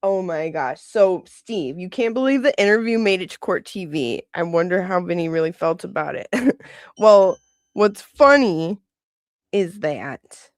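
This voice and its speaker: A woman's voice: on the low side, moderate pace, hardly any pauses, dry recording, studio quality. A woman hosting a livestream, chatting casually in a gossipy way and laughing often. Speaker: livestream host.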